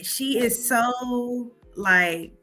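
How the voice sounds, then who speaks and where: A woman's voice: on the high side, drawn-out words, sharp tone, soft background music. A woman hosting a casual livestream, chatty and calling her viewers y'all. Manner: chatty, addresses audience as y'all. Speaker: livestream host.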